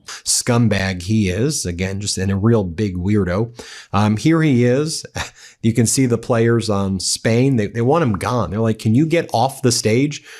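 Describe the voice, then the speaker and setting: A man's voice: on the low side, measured pace, a little mellow. A man hosting casual political commentary over clips, mocking and blunt, often stumbling over repeated words.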